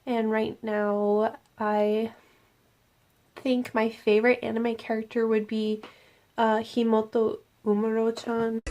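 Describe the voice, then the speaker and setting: A young woman chatting through a casual Q&A vlog, fielding viewer questions from her room at night. Her voice sits a little high and has a gravelly fry, and she keeps things playful. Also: completely flat delivery, slow pace, darkish tone. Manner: playful and jokey, slipping into silly voices. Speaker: YouTuber host.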